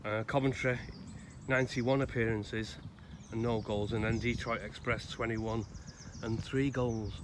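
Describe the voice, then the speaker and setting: A man speaks at a middling pitch and tells his story in a loose, conversational ramble full of pauses. He is recording outdoors in a cemetery. Clear outdoor noise and distant traffic run under his voice. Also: fairly even intonation. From Salford, England. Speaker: grave-visiting vlogger. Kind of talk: casual spoken tribute and storytelling.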